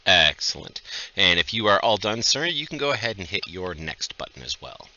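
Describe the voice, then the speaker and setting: A man running a tabletop game as game master, lively and laughing with his players. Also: sits low, moderate pace, muffled recording, slight background noise.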